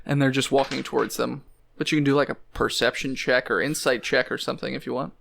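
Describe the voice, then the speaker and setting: Gravelly-voiced man running a tabletop game. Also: medium pitch, fairly even intonation, quick pace, a bit bright, slight background noise. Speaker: game master.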